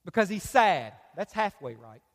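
A man preaching a sermon with a strikingly high voice, hammering his points through repetition and rising to shouts. The sound rings with the long reverb of a large church hall. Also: big pitch swings, moderate pace. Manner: emphatic preaching, repeats phrases, rises to shouts. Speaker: pastor.

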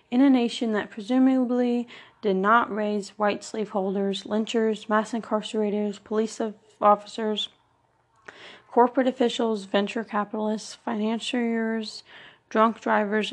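A woman reading a first-person memoir aloud in an earnest, measured way, leaning on each item in a list. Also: medium pitch. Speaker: audiobook narrator.

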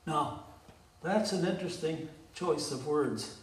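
Slow-preaching man in a roomy hall. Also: a little high, lively intonation, recorded from a distance. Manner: slow, deliberate preaching with rhetorical questions to the congregation. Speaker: pastor. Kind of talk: sermon.

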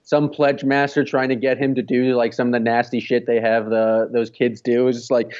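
A man's voice: medium pitch, brisk, few pauses, a little mellow, dull audio. A man co-hosting a casual sports podcast, rambling and peppering his talk with "like.". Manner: rambling with many "like" fillers. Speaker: podcast co-host.

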